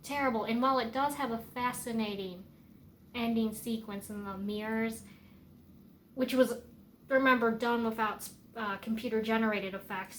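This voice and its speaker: Speaking in a slightly high voice over a little hiss or hum, a woman vlogs chatty, opinionated film commentary. She rambles casually, with many fillers and false starts.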